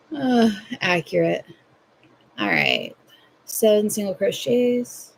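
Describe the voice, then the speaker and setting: A woman's voice: fairly low pitch, unhurried, vocal fry, darkish tone, slight background noise. A young Southern woman hosting a livestream, chatting playfully with viewers while she crochets at home. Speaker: livestream host. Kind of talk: casual chat while crocheting.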